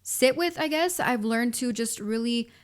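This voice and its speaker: A woman in her twenties hosts a solo podcast, giving motivational advice in a casual, emphatic way. She leans on filler words and keeps addressing her listeners directly. Her voice sits a little high. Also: animated, unhurried. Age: 20s. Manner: casual and emphatic, frequent "like" and "you guys". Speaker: podcast host.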